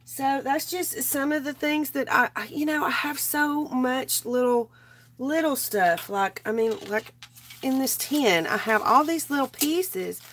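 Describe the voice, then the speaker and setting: A woman's voice: high-pitched, measured pace, a bit bright, a little hiss or hum. Woman, craft live host, sick and strained, loose chatty rambling. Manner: rambling, greets viewers by name. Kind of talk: casual live chat while crafting.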